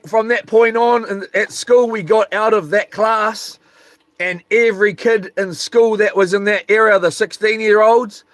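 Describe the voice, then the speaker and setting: A middle-aged man spins a rambling, animated story and acts out the voices and sound effects. His voice sits high for a man. The sound is dry and close. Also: dry recording. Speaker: vlogger. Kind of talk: casual storytelling.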